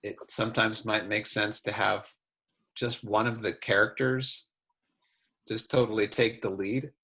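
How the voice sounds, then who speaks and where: Male player, lowish voice, weighs his words, pauses often. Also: steady tone, bright, forceful tone. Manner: hesitant, considered. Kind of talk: out-of-game group discussion.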